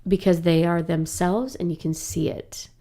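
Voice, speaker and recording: A woman in her thirties, an improv actress guest on a podcast, telling animated stories in casual chat. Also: fairly low pitch. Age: 30s. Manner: animated storyteller, laughs often, quick asides.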